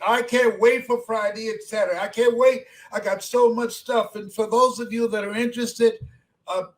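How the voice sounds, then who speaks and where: A man in his seventies giving a motivational speech, emphatic, repeating phrases and swinging from soft talk to shouting. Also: sits high, low-quality recording. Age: 70s. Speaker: motivational speaker.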